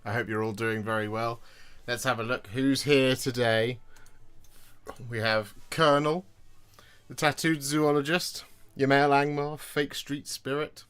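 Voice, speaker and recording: A man's voice: medium pitch, steady tone, unhurried, a bit bright, clear, resonant tone. A man hosting a casual livestream while building models, chatty and self-deprecating as he greets viewers. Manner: chatty, self-deprecating, reads chat aloud.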